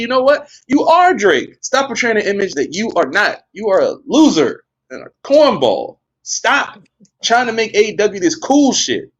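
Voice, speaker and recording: Male podcast co-host, high lively voice, blunt profane rant, dull lo-fi audio. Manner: blunt, profane, exasperated ranting. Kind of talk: casual ranting chat.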